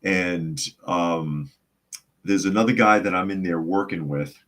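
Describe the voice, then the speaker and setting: A man's voice: sits low, unhurried, fairly bright tone. A man hosting a live podcast, chatting casually, reading viewer comments aloud and telling long, rambling stories in which he acts out the other people's voices. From United States. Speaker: podcast host.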